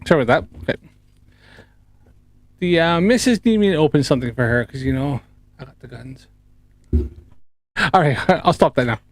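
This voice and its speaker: A Canadian man hosting a casual livestream, talking to his chat in halting bits full of fillers. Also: on the high side, lively intonation, dry recording. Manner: halting, filler-heavy, chuckling asides to chat. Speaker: livestream host.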